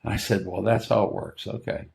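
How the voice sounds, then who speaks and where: An older man, guesting on an interview, tells a story casually and with energy, acting out what other people said. His voice is lowish, a little fast and gravelly.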